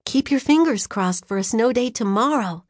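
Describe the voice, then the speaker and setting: A woman's voice: a little high, lively intonation, moderate pace, no room sound, clean studio sound. A woman voicing a cheerful, helpful young schoolgirl in a children's audiobook. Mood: friendly.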